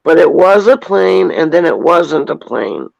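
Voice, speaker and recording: A calm woman guest explains her ideas slowly in a casual spiritual chat, her voice gravelly with fry. The sound is dry and close, with no room around it. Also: lowish voice, no echo, muffled recording. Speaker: guest on a panel.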